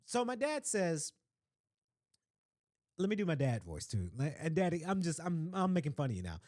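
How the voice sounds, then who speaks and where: A young man hosting a podcast, telling a travel story in a rambling, chatty way full of asides and shout-outs. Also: a little high, no echo. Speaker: podcast host. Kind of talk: casual chat.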